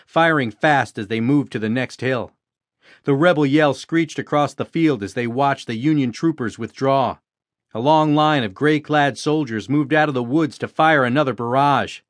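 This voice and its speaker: A man narrating an audiobook in a steady, even reading style. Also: mid-range voice, no echo. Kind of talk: scripted narration.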